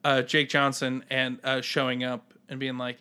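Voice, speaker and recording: A man co-hosting a casual podcast, his voice bright and forward. He rambles through his ideas, restarting sentences and slipping into quick acted bits. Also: mid-range voice, monotone, clean tone. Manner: rambling with many fillers and restarts, acting out scenes. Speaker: podcast co-host. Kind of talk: casual chat.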